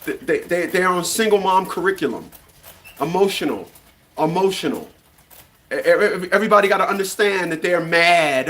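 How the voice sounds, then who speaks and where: A man's voice: high-pitched, moderate pace, a bit bright. A man in his fifties delivering a blunt, profane opinion rant, often stumbling and repeating words as he restarts. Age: 50s. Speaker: commentary channel host.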